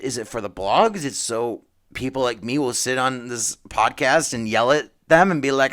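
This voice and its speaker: A man's voice: mid-range voice, expressive, moderate pace, hardly any pauses, a bit bright. A man hosting a casual comic book podcast, rambling and emphatic, with frequent restarts. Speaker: podcast host.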